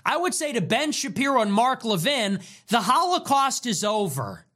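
Animated, profane talk show host. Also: medium pitch, moderate pace. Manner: repeats phrases for emphasis. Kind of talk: heated monologue on a talk show.

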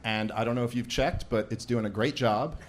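This comic kicks off a live event with a sarcastic, rambling stand-up routine, frequently laughing at his own jokes. He's a man with a steady, medium-pitched voice, talking a little fast over slight background noise.

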